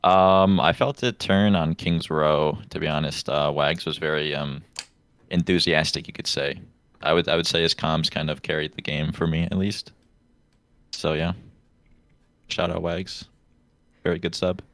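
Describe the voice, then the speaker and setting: Deep-voiced, terse esports player. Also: male voice, steady tone, a little slow, a bit bright, no room sound. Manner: terse, laconic answers. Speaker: player being interviewed. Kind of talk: post-match interview.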